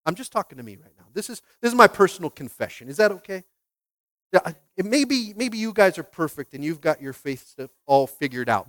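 A male pastor preaching a lively sermon, asking the congregation questions and swinging between quiet asides and loud, emphatic bursts, often repeating words as he restarts. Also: sits high, brisk, no echo.

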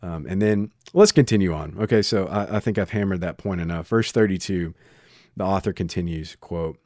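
Low-voiced man preaching, dry close sound. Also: normal speed, no echo. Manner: conversational, animated storytelling with frequent restarts. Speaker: pastor. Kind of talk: sermon. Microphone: microphone.

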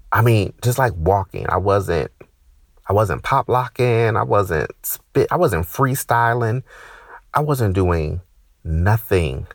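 Ranting man with a gravelly, husky voice. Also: no echo, studio quality. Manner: animated, profane, ranting with sudden high-pitched outbursts. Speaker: stand-up comedian. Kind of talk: stand-up comedy set.

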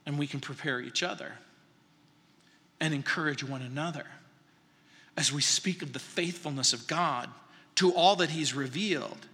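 Animated preaching man, bright and ringing. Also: normal speed, pauses often, husky, long reverb tail. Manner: animated, acts out quotes with sudden high exclamations. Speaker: pastor. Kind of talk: sermon. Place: church sanctuary.

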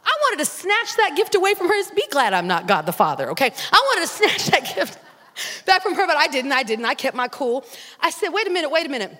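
A middle-aged woman pastor, preaching a sermon with animated storytelling that rises to shouts, in a large church hall. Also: sits high, fairly quick. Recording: long hall reverb.

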